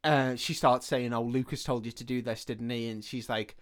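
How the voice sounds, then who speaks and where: A man hosts a podcast and casually walks through a film's story. He speaks at a middle pitch and slips into the characters' voices as he goes. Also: steady tone, moderate pace. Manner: retells the plot loosely, acting out the characters' lines. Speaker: podcast host. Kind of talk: casual film recap chat.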